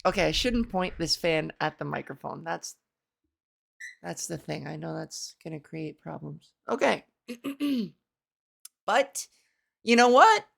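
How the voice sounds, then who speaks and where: Slow, gravelly-voiced woman podcast host. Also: sits low, expressive. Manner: rambling, self-mocking, laughs at own jokes; practicing a softer voice with resonance and inflection. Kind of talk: casual solo podcast chat. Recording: fan blowing near the microphone.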